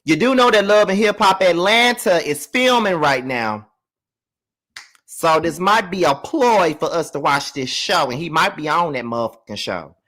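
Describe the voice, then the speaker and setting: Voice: mid-range voice, lively intonation, moderate pace, a bit bright. A gossip host in casual commentary mode. The voice sits in a middling range and is sassy and chatty, with plenty of swearing.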